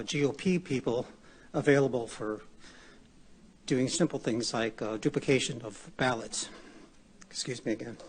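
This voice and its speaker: A man out of breath, giving unscripted testimony at a hearing, halting with many pauses and restarts. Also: mid-range voice. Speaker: public testimony witness.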